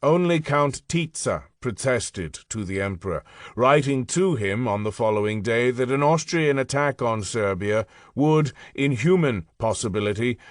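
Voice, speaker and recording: A man narrates history in an even, mid-pitched voice, taking his time and leaning on important phrases. The recording is dry and close, with no room sound at all. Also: no room sound. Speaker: audiobook narrator.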